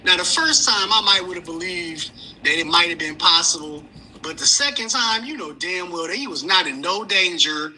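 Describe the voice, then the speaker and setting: A man's voice: sits high, animated, moderate pace, sharp tone, low-quality recording. A man calling into a livestream, talking bluntly and heatedly in a slangy, casual way. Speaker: caller. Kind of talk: casual call-in chat.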